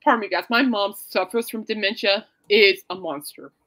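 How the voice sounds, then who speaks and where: A woman hosting a casual podcast, tearful and halting as she talks and leads a prayer, trying not to cry. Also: medium pitch, fairly bright tone, low-quality recording. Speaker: podcast host. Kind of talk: casual chat and spoken prayer.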